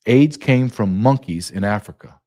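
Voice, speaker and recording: A man's voice: lowish voice, moderate pace, mellow. A male podcast host delivering a sarcastic solo monologue, full of mocking asides.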